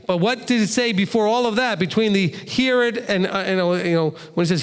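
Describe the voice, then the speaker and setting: A man teaching the Bible in a conversational question-and-answer session, animated, acting out quotes and asking rhetorical questions. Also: high voice, normal speed, hardly any pauses. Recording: long hall reverb.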